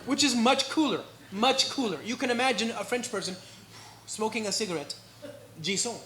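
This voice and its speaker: A man with an American accent giving a live tech talk at a meetup, energetic and joking, often checking in with the crowd. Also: very high-pitched, brisk, echoey room, noisy background. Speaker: conference speaker. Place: indoor meetup venue.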